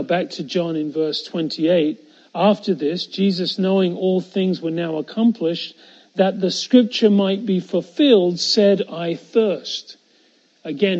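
Male preacher, high pitch, earnest sermon delivery with hushed emphasis, muffled recording. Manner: earnest, builds to emphatic repetition; drops to a hushed voice on key phrases.

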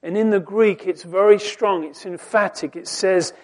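A man preaching a sermon, quoting scripture slowly and deliberately, swinging between soft, dropped phrases and loud, emphatic rising lines. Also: high-pitched. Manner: slow, deliberate delivery with scripture quotes.

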